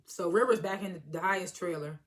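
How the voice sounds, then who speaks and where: A woman's voice: fairly low pitch, a little fast. A woman reviewing a TV episode in a casual, chatty recap, amused and laughing often as she retells scenes.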